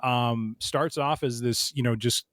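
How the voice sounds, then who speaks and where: A man's voice: medium pitch, fairly even intonation, measured pace, fairly bright tone, no echo. A podcast host talks through a book discussion at an easy, meandering pace, circling back and restarting his thoughts. His voice sits in a middle register. The sound is dry and close, with no room around it. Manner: rambling, many restarts and fillers.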